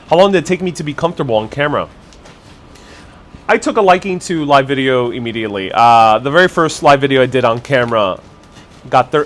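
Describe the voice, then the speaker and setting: A man hosting a casual live stream from a cafe, tasting food and chatting to viewers, thinking aloud with fillers and restarts. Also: mid-range voice. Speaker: live-stream city vlogger. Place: cafe in the city. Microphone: wireless clip-on mic.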